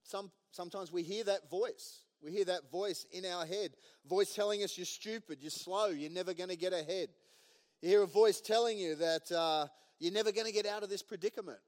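A man's voice: high-pitched, normal speed. A man preaching a sermon, easygoing and jokey, with lots of fillers. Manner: jokey, chuckles at his own jokes, filler-heavy. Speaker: pastor. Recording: long church hall reverb.

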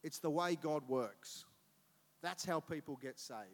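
A middle-aged man preaching a sermon as a pastor, telling stories in an animated way and acting out voices. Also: fairly high pitch, a little slow. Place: church auditorium. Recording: long reverb of a church hall.

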